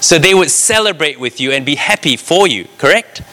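A man's voice: on the high side, moderate pace. A man preaching a sermon, reading scripture and explaining it, often asking the congregation "right?". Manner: animated, talks to the congregation with frequent "right?".

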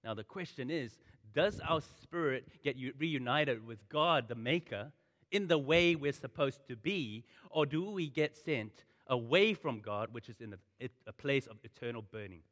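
Brief: male preacher, fervent and repetitive, mid-pitched, long hall reverb. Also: expressive, normal speed, a bit bright. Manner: impassioned, repeats phrases for emphasis. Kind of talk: sermon.

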